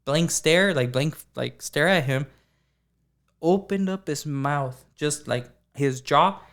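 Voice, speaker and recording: A man co-hosting a podcast, telling a story in a casual, animated way with lots of filler words. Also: fairly high pitch, slow pace. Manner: animated, acts out dialogue, many fillers like "like". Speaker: podcast co-host.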